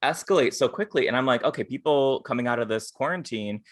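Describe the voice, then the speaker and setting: A man co-hosting a podcast, chatting casually and telling stories in an animated way, swearing freely. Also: mid-range voice, fairly quick, no echo. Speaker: podcast co-host. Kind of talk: casual chat.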